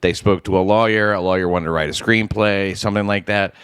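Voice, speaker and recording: A man's voice: lowish voice, steady tone, a little fast, a bit bright, clear, resonant tone, no room sound. A man guesting on a casual comedy podcast, telling a story in a dry, matter-of-fact way.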